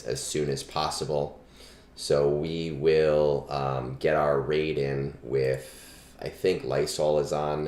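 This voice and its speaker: Very deep-voiced man in echoey room. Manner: relaxed, chatty, frequent ums. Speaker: streamer giving game advice. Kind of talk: casual live-stream chat. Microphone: budget starter microphone. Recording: echoey room, cheap mic.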